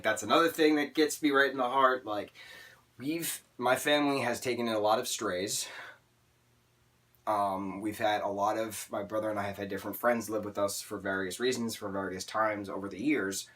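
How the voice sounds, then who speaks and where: A man's voice: lowish voice, fairly bright tone. A rambling, heartfelt male vlogger. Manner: rambling, heartfelt and openly emotional; tangents and filler words. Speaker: TV show reviewer. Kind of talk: casual vlog review.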